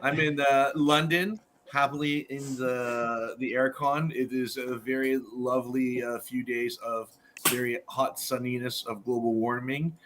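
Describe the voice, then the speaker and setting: A man's voice: medium pitch, level tone, unhurried, fairly bright tone, slight background noise. A man on a panel chatting casually, joking and swearing freely. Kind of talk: casual chat.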